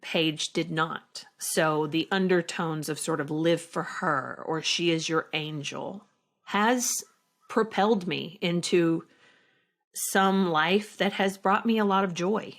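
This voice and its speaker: A middle-aged actress talking slowly and reflectively as a podcast guest, with halting restarts. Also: female voice, on the low side. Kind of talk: emotional interview conversation.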